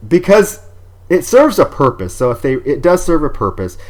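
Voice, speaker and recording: A man's voice: fairly high pitch, big pitch swings. Casual man recapping a film. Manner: recaps scenes with quick acted-out quotes, swearing freely. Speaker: podcast co-host. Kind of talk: casual film review chat.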